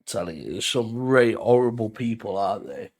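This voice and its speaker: Jokey man with lively pitch. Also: normal speed. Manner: jokey, laughs often, slangy banter. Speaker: podcast co-host. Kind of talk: casual chat.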